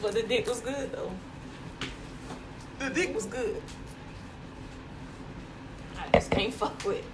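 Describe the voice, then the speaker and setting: A woman co-hosting a podcast, telling a story in casual chat, animated and profane, laughing as she goes. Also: fairly high pitch, slow pace, long pauses, background noise. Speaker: podcast co-host.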